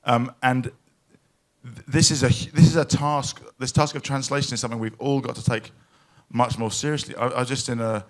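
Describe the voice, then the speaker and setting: A man giving an emotional, anecdotal speech at a live event in a pavilion, full of restarts and halting asides. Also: mid-range voice, steady tone. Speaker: panel speaker at a climate event.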